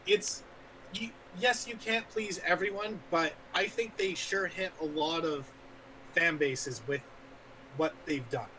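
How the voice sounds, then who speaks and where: A man co-hosting a gaming podcast, chatting in a lively, agreeable way. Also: a little high, slight background noise, low-quality recording. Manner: lively, agreeable, quick to laugh. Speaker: podcast co-host. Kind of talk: casual chat.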